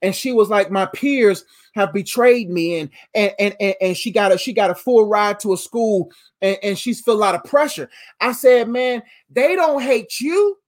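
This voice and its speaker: A woman preaching a sermon in an animated, emphatic way, using slang and calling her listeners "fam.". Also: medium pitch, moderate pace.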